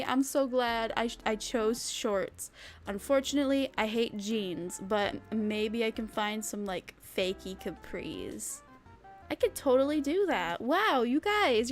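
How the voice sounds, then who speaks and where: A woman's voice: a little high, lively intonation, slow pace, faint music behind. A young woman streaming, chatting casually and rambling with lots of fillers and giggles. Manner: bubbly, giggly, rambling with many "like"s. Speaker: vtuber streamer. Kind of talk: casual chat with chat readers.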